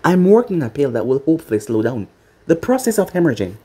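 Sakura, a narrator doing a brisk young ninja medic. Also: mid-range voice, very animated, warm tone, breathy edge. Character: young female ninja medic, busy and short-tempered.

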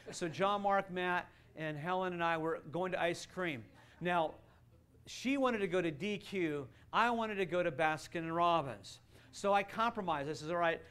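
A man preaching a sermon as a pastor, animated and playful, with bursts of loud excitement. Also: high voice. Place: church sanctuary.

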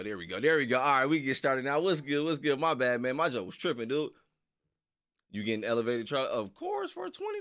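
A man's voice: medium pitch, fairly bright tone. A man hosting a live stream in casual chat, laid-back and slangy, reading viewers' messages aloud.

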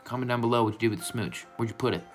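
A man's voice: medium pitch, racing, soft background music. A man hosting a casual gaming vlog from his room, talking in a goofy, rambling, playfully affectionate way. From United States. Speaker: gaming YouTuber.

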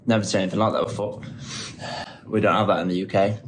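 Excitable young man, deep voice. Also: quick pace. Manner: excitable, swears casually. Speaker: travel vlogger. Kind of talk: casual vlog chat. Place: out and about on a city trip. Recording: noisy ambient background.

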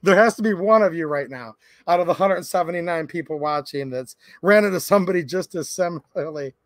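A man in his thirties talks casually to his viewers on a livestream, his voice sitting a little higher than most men's. He rambles through a story with plenty of "like" and restarts. The sound is dry and close, with no room echo. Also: a little fast. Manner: rambling storytelling with many fillers. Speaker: livestream host.

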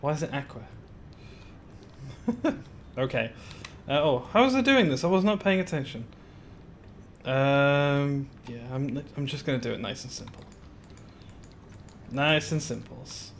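A man's voice: mid-range voice, animated, moderate pace, pauses often, a little hiss or hum. Chatty man streaming a building game. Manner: chatty, greets viewers by name, giggly asides. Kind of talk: casual live-stream chat while building.

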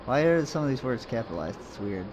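A man's voice: mid-range voice, big pitch swings, quick pace, background noise. A man casually commenting as he plays a game, rambling and muttering to himself with jokes along the way. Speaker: let's play host.

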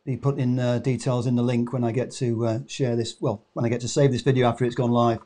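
A man's voice: mid-range voice, flat delivery, quick pace, mellow. A man hosting a live online show, speaking hesitantly with many fillers. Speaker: host.

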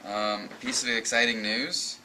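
A man painter on a studio crew bantering with dry, deadpan replies, heard from a distance. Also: fairly low pitch, moderate pace, a little hiss or hum. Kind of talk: casual banter.

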